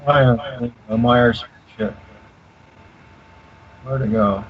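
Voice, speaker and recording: An older man explaining in detail as a radio guest, halting with many fillers and restarts. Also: medium pitch, fairly even intonation. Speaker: guest expert. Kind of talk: casual explanation on a call-in radio show. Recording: dull lo-fi call audio with faint hiss.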